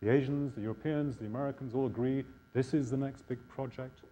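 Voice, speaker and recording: A man giving a public science lecture, explaining in a measured way with emphatic pauses. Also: medium pitch, fairly even intonation, mellow. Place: lecture hall.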